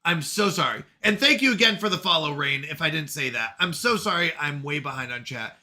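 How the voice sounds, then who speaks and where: A man in his thirties hosting a live stream, reading chat aloud with quick, animated reactions. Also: on the high side. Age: 30s.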